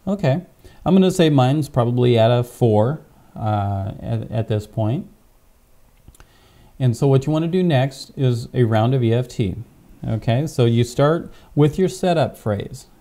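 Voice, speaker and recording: A man's voice: medium pitch, expressive, unhurried, mellow. A man, a pastor, teaching a tapping technique step by step, wearing a clip-on microphone and often checking in with "okay?". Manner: patient, step-by-step, frequent "okay?" check-ins. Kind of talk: instructional demonstration.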